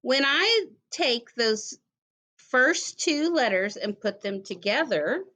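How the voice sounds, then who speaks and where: A woman teacher leads young children through a phonics lesson. Her voice sits fairly high, and she talks at an unhurried, deliberate pace. She says each example word clearly and then repeats it. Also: animated, pushed and bright. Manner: slow, careful, encouraging, repeats words clearly.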